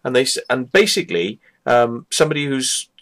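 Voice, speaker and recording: Male vlogger, animated and foul-mouthed, talking straight to camera at home. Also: medium pitch, a little fast. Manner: sweary, animated storytelling. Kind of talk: casual ranting monologue. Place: small room at home.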